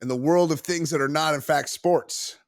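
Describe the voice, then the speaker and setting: A man co-hosting a crude comedy sports podcast, animated and breaking into silly voices. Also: fairly high pitch, normal speed, dry recording, studio quality. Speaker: podcast co-host.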